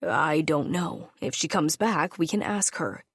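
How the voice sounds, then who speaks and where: A woman voicing a gruff, brooding male wolf-shifter alpha in an audiobook, speaking curtly in a low, grim tone. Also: lively intonation, unhurried, no room sound, clean studio sound, heavily acted.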